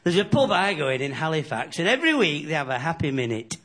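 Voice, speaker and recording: A man's voice: on the high side, very animated, fast, background noise. A man with a Yorkshire accent doing a chatty stand-up comedy routine, telling jokes in a self-deprecating way to a live club audience. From Yorkshire, England. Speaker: stand-up comic.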